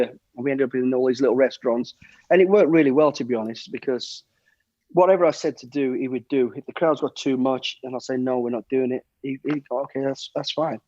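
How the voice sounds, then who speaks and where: A former soldier and bodyguard from the United Kingdom, now middle-aged, guests on a podcast telling anecdotes in a slightly high voice. His storytelling is lively, with repeated, stumbled words and acted-out quotes. The recording is dry and dull.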